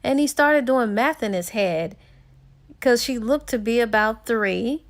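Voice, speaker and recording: A woman's voice: a little high, a little slow. A woman casually retelling a novel's plot for a book review, chatty and full of "he was like" and "or whatever.". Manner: chatty, filler-heavy with "he was like".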